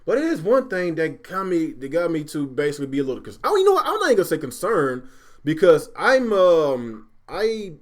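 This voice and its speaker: A man hosting a casual gaming livestream, animated and quick to swear when riled up. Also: a little high. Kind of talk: casual chat.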